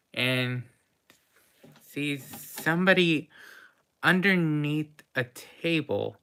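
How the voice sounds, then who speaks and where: A woman running a tabletop game as game master, narrating the party's dice rolls and actions in a halting way with frequent pauses. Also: very deep voice, bright, forceful tone, clear, resonant tone.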